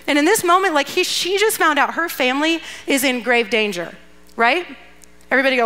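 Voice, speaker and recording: Bright, chatty woman preaching. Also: sits high, fairly quick. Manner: chatty and playful, acting out characters with asides and laughs. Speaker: guest speaker at a church youth event. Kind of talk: casual storytelling sermon.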